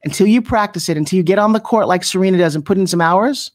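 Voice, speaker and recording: A middle-aged woman coaching people on pitching in an interview, brash and punchy, often slipping into mocking voices. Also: quick pace. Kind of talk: energetic motivational coaching talk.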